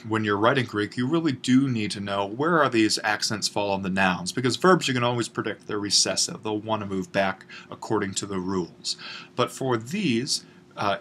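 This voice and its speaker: Low-voiced man teaching a grammar lesson. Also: fairly bright tone, slight background noise. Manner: patient, explanatory, many fillers and restarts. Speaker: Greek instructor.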